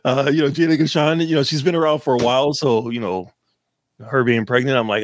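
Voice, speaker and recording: A man's voice: mid-range voice, fairly even intonation, brisk, slight background noise. A man from Massachusetts co-hosting a movie podcast, giving a casual review full of fillers and swearing. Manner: rambling, frequent fillers and profanity. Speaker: podcast co-host.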